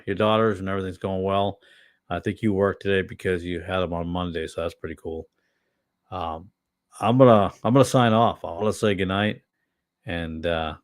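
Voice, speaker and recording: A tired middle-aged pastor chatting casually on a livestream, rambling with many fillers and restarts. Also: male voice, low voice, no room sound, clean studio sound.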